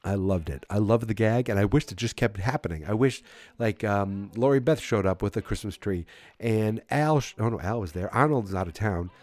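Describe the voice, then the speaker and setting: A man's voice: on the low side, normal speed, a little mellow. A man hosting a podcast, recapping casually in a rambling way with many fillers and restarts. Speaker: podcast host.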